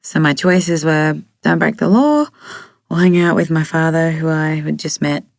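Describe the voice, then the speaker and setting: A woman's voice: deep voice, moderate pace, gravelly, no echo, studio quality. A woman voicing an easygoing, talkative young man who tells his story in a matter-of-fact way.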